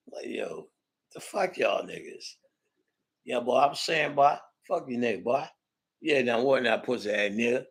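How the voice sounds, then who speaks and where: A man's voice: mid-range voice, animated, measured pace, vocal fry, slightly rough, low-quality recording. A man hosting a loose, profane livestream, rambling and laughing with heavy slang. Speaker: livestream host.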